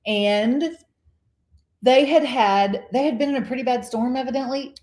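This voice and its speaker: A woman tells a story in a chatty, animated way, laughing often. Her voice sits fairly high. The room around her is echoey. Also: moderate pace. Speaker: co-host of a cruise vlog live show. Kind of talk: casual live-stream chat.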